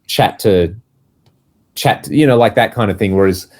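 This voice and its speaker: A man's voice: lowish voice, normal speed, darkish tone. A man, co-hosting a casual podcast chat, telling stories animatedly and acting out the voices of people he quotes. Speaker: podcast co-host, touring musician.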